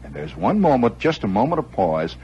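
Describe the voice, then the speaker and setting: A man hosting a radio show, telling a long story in an animated way with chuckling asides and acted-out moments. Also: on the low side, fairly quick, breathy edge, dull audio. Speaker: radio host. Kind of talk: improvised storytelling monologue.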